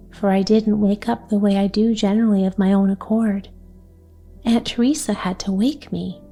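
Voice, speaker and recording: A woman reading the part of an excitable little girl in a storybook, eager and breathless. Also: mid-range voice, lightly acted.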